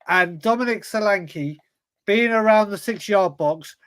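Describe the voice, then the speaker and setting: A man with a high voice co-hosts a football fan show, reading viewer questions aloud. He talks in an earnest, chatty way, and the recording is dry and close. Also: unhurried, a bit bright, clean tone, no room sound. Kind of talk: casual football chat.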